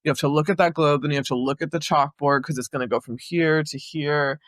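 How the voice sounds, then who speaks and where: A woman's voice: low voice, fairly even intonation, a little fast, no echo, studio quality. A woman guest co-host chatting casually and reading out notes she wrote while watching. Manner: chatty, reads out her own notes. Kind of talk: casual recap chat.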